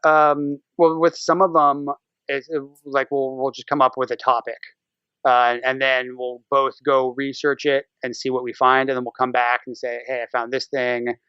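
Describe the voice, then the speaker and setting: A man talking as a podcast guest in a loose, rambling way, full of ums and restarts. His voice is smooth and resonant but stays quite flat in pitch. The audio is dry and a little dull. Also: normal speed, no echo. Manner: relaxed, rambling, hesitant with fillers. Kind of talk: casual interview chat.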